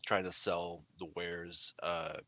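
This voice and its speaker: A man at a tabletop game table with a very deep voice, recorded dry and close. He speaks hesitantly, with plenty of fillers. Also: little pitch movement, slow, sharp tone, no echo. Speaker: player.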